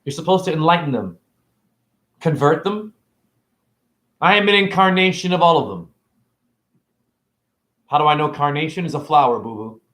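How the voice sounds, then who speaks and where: A man's voice: a little high, expressive, moderate pace, long pauses. Preachy ranting man, roomy echo. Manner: preachy, provocative, swings between loud and soft. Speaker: self-styled spiritual teacher. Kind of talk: ranting vlog monologue.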